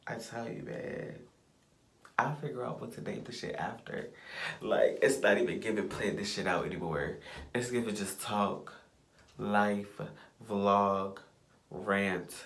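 A man's voice: lowish voice, creaky, fairly bright tone, roomy sound. A young man ranting to himself in a casual vlog, blunt and profane, repeating phrases as he pushes himself on. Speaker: vlogger. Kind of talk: casual self-talk rant.

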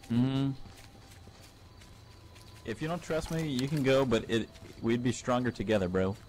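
A man's voice: mid-range voice, animated, a little slow, a little mellow, a little hiss or hum. A man chatting casually over in-game voice chat, laid-back and reassuring, often repeating himself. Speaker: fellow player in the game.

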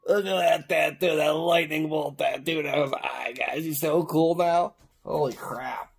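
A man's voice: on the high side, steady tone, measured pace, vocal fry. Goofy rambling man in a basement. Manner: goofy, rambling, keeps saying guys, crude jokes. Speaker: YouTuber coloring on camera. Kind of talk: casual rambling commentary. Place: home basement.

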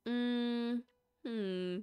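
A woman's voice: on the high side, steady tone, very slow, dark tone, smooth, faint music behind. A woman streamer chatting casually with her viewers while playing a game, rambling and talkative. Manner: rambling, chatty, talks to chat. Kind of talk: casual live-stream chat while gaming.

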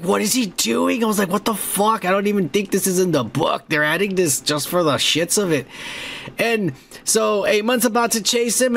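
A young man hosting a podcast, rambling and swearing excitedly as he reviews a show episode. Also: high-pitched. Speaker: podcast host. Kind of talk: casual profane show review.

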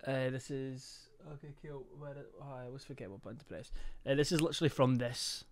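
A man's voice: mid-range voice, a little fast, a little hiss or hum. A young man chatting casually on a stream as he reacts to videos, swearing and laughing as he goes.

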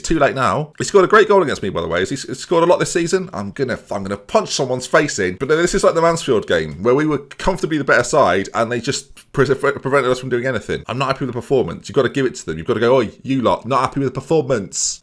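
A man's voice: medium pitch, a bit bright. A young man giving comedic, rambling commentary on a football management game, sarcastic and often turning to his viewers. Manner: sarcastic, rambling, addresses viewers, silly voices. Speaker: gaming YouTuber.

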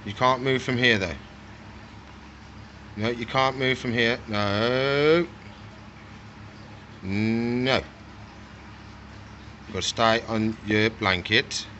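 A man's voice: medium pitch, very slow, long pauses, bright, forceful tone, dull audio, slight background noise. Chatty man coaxing reptiles at feeding. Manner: coaxing and scolding the animals in a chatty, playful way. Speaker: reptile keeper feeding his animals. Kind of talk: casual vlog narration while working.

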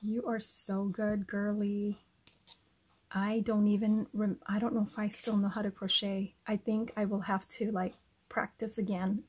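A woman craft vlogger unboxing a gift package, gushing over each item and repeating how cute everything is, now and then dropping to a soft whisper. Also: mid-range voice, little pitch movement, measured pace, husky. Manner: gushing, says "cute" and "oh my gosh" constantly. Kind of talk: casual unboxing chat to camera.

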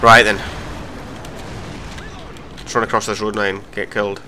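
A young man giving live commentary over his own gameplay, swearing and mocking himself between sudden excited outbursts. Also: lowish voice, moderate pace, background noise. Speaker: gaming commentator.

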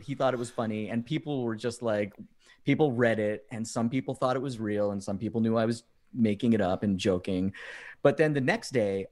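A man telling funny stories as a podcast guest, animated and often laughing as he acts out quoted messages. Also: fairly low pitch. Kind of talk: casual storytelling chat.

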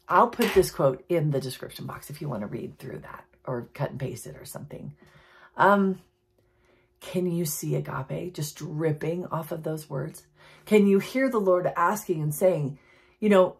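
Woman teaching a bible devotional, breathy voice, earnest and a bit emotional. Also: on the low side. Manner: earnest, reflective, reads quotes slowly and softly; emotional, tender delivery. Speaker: Christian teacher.

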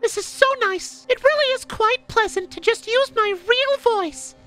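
A man voicing a prim, gushing, overly polite male streamer in a sugary high voice. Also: normal speed, sharp tone, soft background music.

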